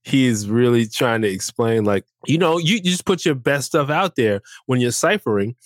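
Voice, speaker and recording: A man in his fifties telling a story casually, animated and acting out what others said. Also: mid-range voice, moderate pace, dry recording, clean studio sound. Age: 50s.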